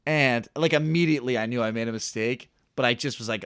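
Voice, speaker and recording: A man's voice: mid-range voice, fast talker, hardly any pauses, fairly bright tone, smooth, no room sound, studio quality. A young man co-hosting a podcast, telling a self-deprecating story in a rambling way full of "like". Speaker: podcast co-host. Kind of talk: casual storytelling chat.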